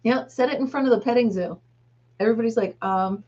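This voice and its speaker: A woman's voice: fairly high pitch, fast, warm tone, muffled recording. A woman in her fifties, a grandmother, hosting a casual live chat with viewers, rambling and laughing often. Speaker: livestream host.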